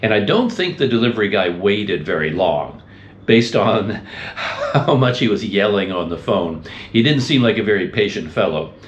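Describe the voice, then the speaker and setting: A man talks to his camera in a relaxed, rambling way, telling stories with a wry, amused ease. His voice sits on the low side. Clear traffic and city ambience run beneath him. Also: normal speed, lo-fi sound. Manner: chatty, rambling, amused storytelling. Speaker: travel vlogger. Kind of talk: casual chat to camera.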